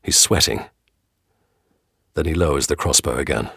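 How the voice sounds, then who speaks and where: Deep husky male storybook narrator. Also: moderate pace, pauses often, no echo, clean studio sound. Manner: dramatic, expressive storytelling. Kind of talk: dramatic audio storybook narration.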